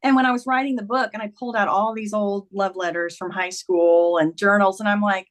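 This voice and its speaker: A woman's voice: medium pitch, steady tone, fairly quick. A middle-aged woman, a memoir author, earnestly recounting a personal story in conversation, acting out quoted dialogue.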